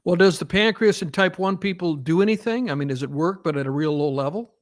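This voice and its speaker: A man's voice: sits high, a little fast, no room sound, clean studio sound. A man co-hosting a podcast, talking casually in long, rambling stretches with frequent restarts. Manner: rambling, restarts often, laughs easily. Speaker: podcast co-host. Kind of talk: casual chat.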